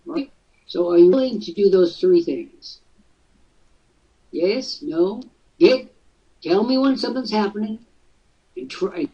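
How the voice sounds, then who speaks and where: A man's voice: sits high, mellow, breathy edge, distant mic, muffled recording. A male host giving casual coaching talk, jokey and teasing, slipping into mock voices.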